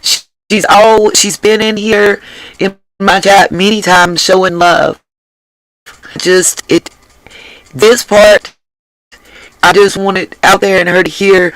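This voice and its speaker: A man with a high voice comments on a clip he is watching, talking straight to his viewers in a loose, gushing way. He repeats his praise often. The sound is dry and close. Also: takes it slowly, long pauses, a bit bright, dry recording, poor audio. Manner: effusive, emphatic, repeats phrases. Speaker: host reacting to a video. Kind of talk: casual reaction commentary.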